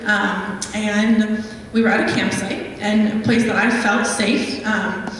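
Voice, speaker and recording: A woman's voice: mid-range voice, level tone, slow pace, slight background noise. A young woman, a guest speaker, telling a chatty story with many ums to a live audience. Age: young adult. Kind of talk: live talk with audience questions. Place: meeting hall. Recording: echoey hall from far off.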